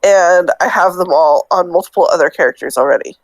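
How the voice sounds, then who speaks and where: A woman's voice: lowish voice, fairly quick, no echo, low-quality recording. A woman co-hosting a game podcast in casual chat, playful and matter-of-fact. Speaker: podcast co-host.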